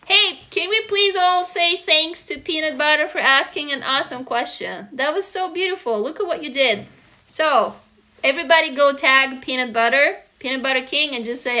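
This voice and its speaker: A woman's voice: sits high, animated, moderate pace, pushed and bright. A woman hosting a casual self-help livestream, talking earnestly and emotionally straight to her viewers, now and then swearing. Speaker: livestream host. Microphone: phone.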